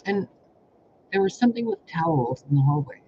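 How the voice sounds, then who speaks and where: A man's voice: a little high, lively intonation, brisk. Exasperated, profane man telling a rambling story. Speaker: spiritual reader recounting personal life. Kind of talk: casual rambling storytelling vlog. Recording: dull lo-fi audio with faint hiss.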